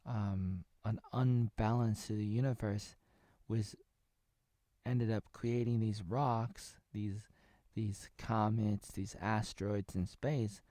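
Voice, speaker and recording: A man's voice: on the low side, dark tone, no room sound, studio quality. A man in his thirties from Oregon, casually recapping a TV episode in a meandering way, full of filler words and jokey asides. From Oregon, USA. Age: 30s. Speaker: TV episode reviewer.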